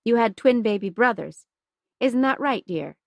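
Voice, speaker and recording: A woman voicing a stern, flustered young nun who scolds in a shrill voice, read as an audiobook. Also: expressive, normal speed, creaky, no echo, highs cut off. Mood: scolding. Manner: scolding, shrill when cross.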